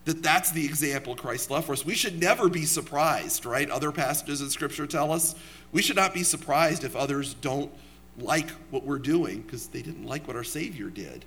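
A man's voice: fairly high pitch, normal speed, fairly bright tone. A young man preaching a sermon in a church, talking conversationally, asking the congregation questions and telling personal stories.

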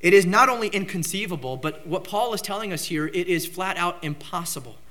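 High, bright-voiced male preacher. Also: fairly quick. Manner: emphatic preaching, rising to loud outbursts on key phrases. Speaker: pastor. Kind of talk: sermon.

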